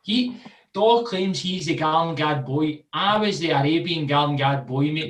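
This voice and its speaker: A man's voice: fairly high pitch, animated, measured pace. A Scottish man hosting a football podcast, laughing and teasing his guests in casual banter. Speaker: podcast host. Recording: echoey room, away from the mic.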